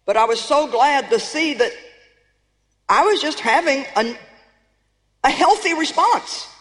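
A woman's voice: high voice, animated, unhurried. A woman preacher delivering a sermon, emphatic and calling on her audience to respond. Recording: long reverb of a large hall.

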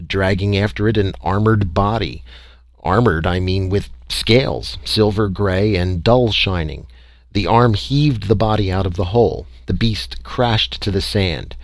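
Low-voiced man reading a story. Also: dry recording. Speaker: audiobook reader. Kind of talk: first-person story narration.

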